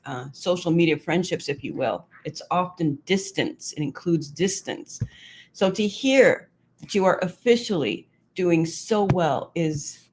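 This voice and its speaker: A middle-aged woman hosting a casual livestream, chatting warmly with viewers and reading their comments aloud, laughing often. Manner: chatty and emotional, laughs often, lively pitch. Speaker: livestream host.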